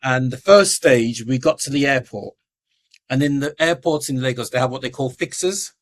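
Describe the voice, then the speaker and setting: A man's voice: mid-range voice, normal speed. A middle-aged man, a podcast guest telling his life story and acting out the voices of the people in it. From England.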